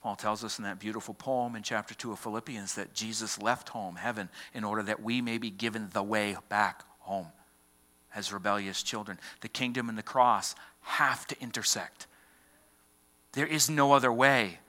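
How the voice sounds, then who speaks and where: A male pastor preaches with a fairly low voice and a forceful, bright edge. His delivery is dramatic, with swings between ringing emphasis and hushed near-whispers. He is speaking in a church. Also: steady tone, normal speed. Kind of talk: sermon.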